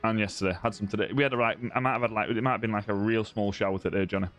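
A man's voice: fairly low pitch, steady tone, rapid-fire, a bit bright, soft background music. A southern English man hosting a live fishing-game stream, chatting casually with viewers, teasing them and tagging lines with "mate". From southern England. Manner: chatty and teasing, many "mate" and "bro" tags, restarts. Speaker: live-stream gamer host. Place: home room.

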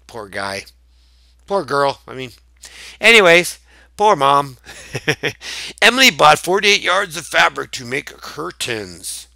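A man's voice: medium pitch, creaky, pushed and bright, dry recording. A man teaching math in a playful, chatty video lesson, joking and chuckling as he works through problems.

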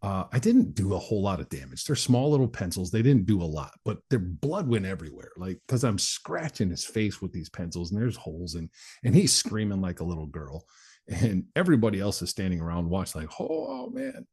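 A man speaks as an interview guest, recounting his own life bluntly and without polish, swearing now and then. His voice sits low and dark with a husky, breathy edge. He talks plainly, like someone used to telling this story to a crowd. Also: big pitch swings, fairly quick. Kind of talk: candid personal storytelling in conversation.

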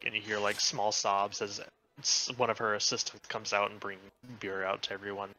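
A man's voice: on the low side, flat delivery, normal speed, pushed and bright. A man running a tabletop game as game master, narrating casually with many fillers.

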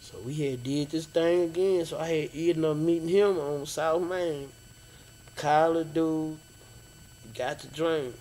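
A man retelling past events in a relaxed, rambling way, dropping slang like "fam" and "bro". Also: on the high side, slow pace, low-quality recording. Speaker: interviewee, friend of the late DJ. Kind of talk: casual storytelling interview.

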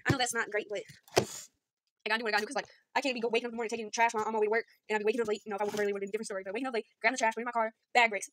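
A woman's voice: fairly high pitch, background noise. A woman rambling casually through a shopping haul at home, filming on a phone. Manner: rambling, chatty, self-deprecating, southern y'all. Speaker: vlogger showing a shopping haul. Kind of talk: casual chat.

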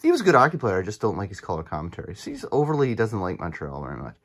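A man chatting excitedly as he opens cheap card packs and reacts to each card on his channel. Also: fairly low pitch, racing, slightly rough. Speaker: card collecting channel host. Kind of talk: casual pack-opening commentary.

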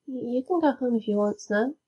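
A woman's voice: fairly high pitch, brisk, warm tone, breathy edge, muffled recording. Dry, understated woman player. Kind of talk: playing a tabletop game.

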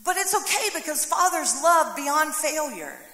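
High, bright-voiced woman preaching in a hall. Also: a little slow. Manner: animated storytelling with acted voices and humor. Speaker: pastor. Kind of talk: sermon. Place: church sanctuary. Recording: echoey hall, long reverb.

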